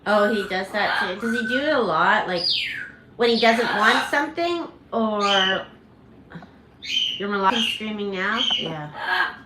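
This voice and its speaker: A woman's voice: medium pitch, a little slow, long pauses. A woman hosting a casual livestream about her parrots, chatting with viewers and laughing as she imitates bird screams. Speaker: parrot channel host. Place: home full of parrots. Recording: echoey room with loud background noise. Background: parrots squawking.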